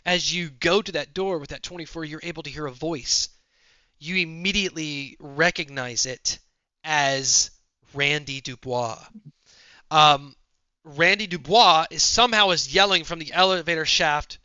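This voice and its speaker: A man narrating a tabletop game as game master with quick, low-key descriptions. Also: pushed and bright, dry recording, dull audio.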